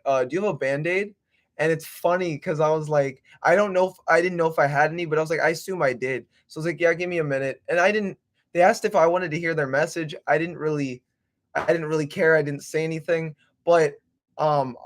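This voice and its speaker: A young man hosting a livestream, rambling casually with swearing and slang. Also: fairly high pitch. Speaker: livestream host.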